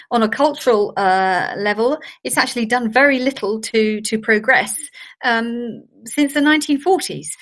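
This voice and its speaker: Older woman workshop trainer, slightly high voice, chatty anecdotal delivery. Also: a bit bright. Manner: chatty, anecdotal, with fillers and laughs. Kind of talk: online masterclass talk.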